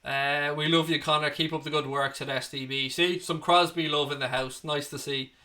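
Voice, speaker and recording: Reading viewer comments aloud on his casual live stream, an Irish fan channel host in his thirties jokes back with banter and profanity. His voice is a little high, steady and bright, pushed forward at a moderate pace.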